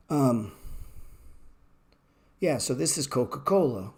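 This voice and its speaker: A man with a somewhat low voice runs a live-streamed trading class. He is blunt and profane, walking through stock charts in a casual way and snapping at viewers in the chat. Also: moderate pace, a little mellow. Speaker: trading educator.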